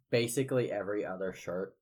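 A man's voice: fairly low pitch, moderate pace, a little mellow. A young man co-hosting a podcast, telling stories in casual chat, rambling with lots of fillers. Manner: rambling storyteller with many fillers. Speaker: podcast co-host.

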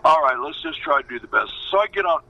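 A man in his seventies, a former pitcher, telling a story animatedly in a radio interview, acting out other people's voices. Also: fast, highs cut off. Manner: lively storyteller, acts out quoted voices. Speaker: former baseball pitcher, guest.

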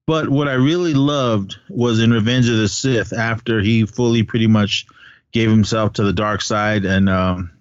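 A man in his forties co-hosts a casual fan chat, sounding enthusiastic and rambling, with plenty of fillers. His voice is fairly low and clear with a resonant tone, at a moderate pace. The recording is dull and dry, with no room sound.

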